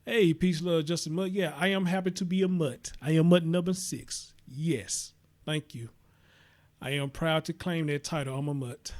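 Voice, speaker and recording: A man's voice: on the high side, normal speed. Profane Southern man hosting a livestream. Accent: Southern American. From American South. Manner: profane, blunt, talks to his chat. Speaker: host. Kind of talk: casual livestream commentary.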